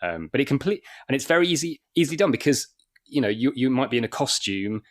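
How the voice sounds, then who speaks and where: A man's voice: mid-range voice, animated, fast talker. A man chatting as a comedian guest on a podcast, rambling with many restarts and little acted dialogues. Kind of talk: casual podcast chat.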